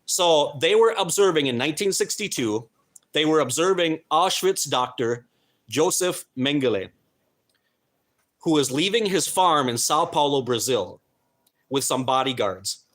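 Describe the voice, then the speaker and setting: A man's voice: a little high, expressive, unhurried, fairly bright tone. A man hosting a live stream, talking in an earnest, emphatic way and stumbling now and then over names and words. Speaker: host.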